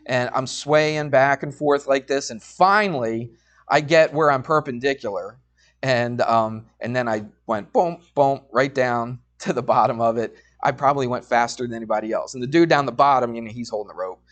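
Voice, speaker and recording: A man's voice: mid-range voice, normal speed. A middle-aged man teaching a college math class, telling a personal story in a chatty way and often checking in with students. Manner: chatty, storytelling, asks frequent check-in questions.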